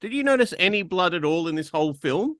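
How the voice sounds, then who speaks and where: A man recaps a film's plot in a casual podcast chat and slips in wry jokes. His voice is bright and forward. The sound is dry and close. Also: high voice, animated, fast talker, no room sound. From Australia. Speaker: podcast co-host. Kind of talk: casual film review chat.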